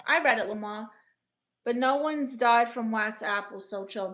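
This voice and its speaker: A woman's voice: on the high side, measured pace, a bit bright. A woman comedian hosting a casual live stream as a brash aunt, reading viewer comments and giving blunt, teasing advice. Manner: blunt, teasing, playfully sassy.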